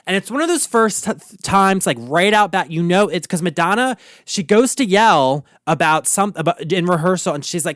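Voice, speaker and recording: Lively, gossipy, profane male podcast host. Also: high-pitched, normal speed, hardly any pauses, dry recording, studio quality. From Baltimore area, USA. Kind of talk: casual pop-culture rant.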